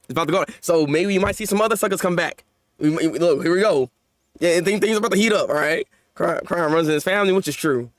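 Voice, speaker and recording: A man giving a live reaction commentary on a manga chapter, slangy and animated, often stammering and repeating words. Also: high-pitched, quick pace, dry recording, studio quality.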